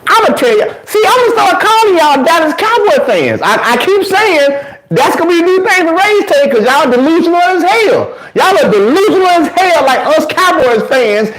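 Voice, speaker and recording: A male livestream host shouting a sports rant and repeating lines for emphasis, with the mic right under his chin. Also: very high voice, big pitch swings, fairly quick, roomy sound, poor audio.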